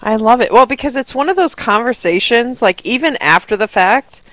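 A woman co-hosting a casual radio interview, enthusiastic with quick reactions. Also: on the high side, animated, fairly bright tone, dry recording, low-quality recording. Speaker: radio co-host.

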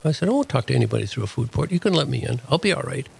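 A man's voice: mid-range voice, very animated, very fast, vocal fry, husky, low-quality recording. An older man, a deacon and prison chaplain, telling a story in plain, earnest words as an interview guest.

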